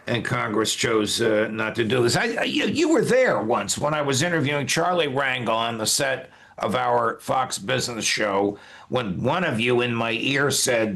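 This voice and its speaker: Gravelly older male legal commentator. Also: mid-range voice, lively intonation, a bit bright. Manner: measured, with frequent "uh" pauses. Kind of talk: interview conversation.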